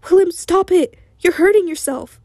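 A woman with a hoarse voice reading the part of an anguished, ashamed young man who pleads, then goes quiet. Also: high-pitched, completely flat delivery, fast, dry recording, clean studio sound. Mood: pleading.

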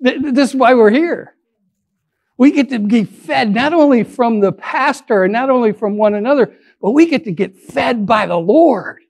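Earnest high-voiced male pastor preaching. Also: darkish tone. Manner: earnest, repeats words and restarts, stretches key phrases slowly. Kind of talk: sermon.

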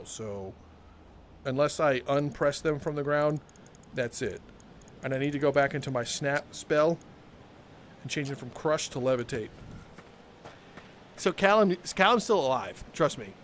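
A man live-streaming a game, joking with his chat, with bursts of laughter and loud theatrical exclamations. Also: mid-range voice, slight background noise.

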